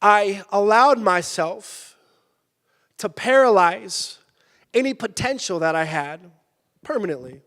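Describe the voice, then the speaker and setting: A male pastor giving a sermon, telling a personal story with lively energy and sudden shouted bursts. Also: high-pitched, slow pace, pauses often. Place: church sanctuary. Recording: church hall with long reverb.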